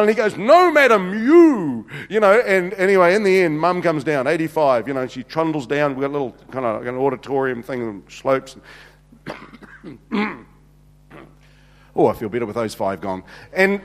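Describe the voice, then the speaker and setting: NZ man preaching, jokey storyteller, slightly high voice, echoing hall. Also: fairly bright tone. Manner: chatty, jokey, many restarts and "you know"s. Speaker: pastor. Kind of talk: humorous sermon storytelling. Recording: reverberant hall.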